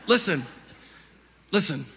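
Male preacher with a high, husky voice. Conversational sermon with rhetorical questions, long church reverb. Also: lively intonation, slow pace, pushed and bright. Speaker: pastor. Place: church sanctuary.

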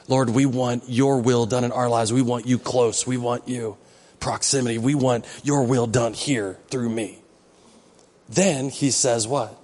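A man's voice: mid-range voice, fairly even intonation, a little slow, darkish tone, big-room sound. A man preaching a sermon as pastor, with a conversational, joking manner that rises into emphatic exhortation. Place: church sanctuary.

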